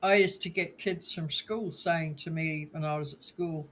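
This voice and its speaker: A podcast co-host telling stories in a relaxed, casual way on a live show, with a teasing streak. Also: mid-range voice, normal speed, a little hiss or hum.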